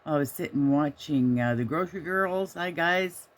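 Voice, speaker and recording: A woman's voice: low-pitched, moderate pace. Chatty older woman vlogging from a trailer. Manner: chatty and rambling, talks fondly to her dog. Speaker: knitting podcast host. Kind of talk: casual vlog chat. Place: inside a small trailer in the woods.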